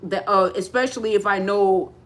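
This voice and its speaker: A woman's voice: medium pitch, fairly even intonation, normal speed, fairly bright tone. A woman giving a live spiritual talk, rambling with many restarts and speaking straight to her listeners. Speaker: spiritual teacher.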